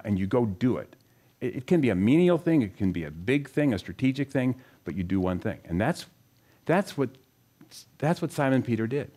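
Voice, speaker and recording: A man's voice: medium pitch, big pitch swings, moderate pace, mellow. A middle-aged man giving a conversational Bible talk, telling personal stories and putting questions to his listeners. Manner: asks the audience questions, storytelling, earnest. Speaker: speaker teaching scripture.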